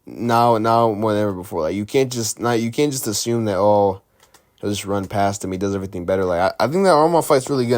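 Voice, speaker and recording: A man's voice: on the low side, a little mellow. A man giving casual reaction commentary on a fight, rambling and conversational, full of restarts and filler words. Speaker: MMA commentary host.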